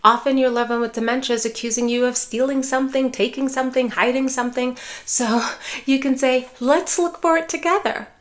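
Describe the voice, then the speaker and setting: Calm woman explaining dementia care. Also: fairly high pitch. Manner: calm, measured, reassuring delivery with acted example phrases. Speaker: neuropsychologist and dementia care educator. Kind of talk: scripted educational talk to camera.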